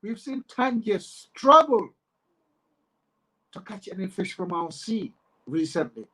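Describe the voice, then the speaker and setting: A man's voice: sits high, sing-song, slow, sharp tone, poor audio. A man with a Gambian accent giving an emphatic, impassioned political monologue, repeating phrases as his anger builds. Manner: emphatic, repetitive, rising to anger. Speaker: political commentator.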